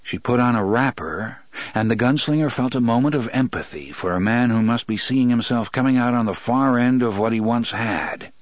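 A man tells a story for an audiobook, reading from a script in a measured, level way. He has a mid-range voice, captured in a dry recording.

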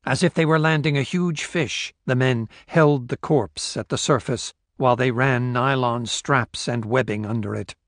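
An audiobook narrator reads a novel in a steady, measured storytelling voice. His pitch is medium, and the scripted narration has studio quality with no room sound.

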